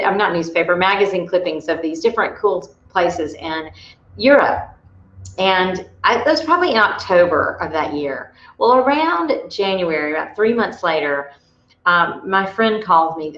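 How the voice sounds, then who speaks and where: A woman's voice: fairly low pitch, animated, normal speed, fairly bright tone. A woman leading a motivational workshop, telling personal stories in a chatty way with frequent restarts. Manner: chatty, storytelling, restarts often. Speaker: workshop leader. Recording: roomy, dull audio.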